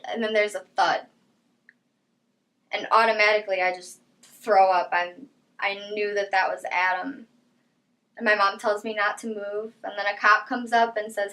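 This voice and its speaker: Young woman, interview testimony, mid-pitched, soft and halting with trailing phrases. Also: level tone, low-quality recording. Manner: quiet, halting storytelling with soft trailing lines. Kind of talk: personal testimony.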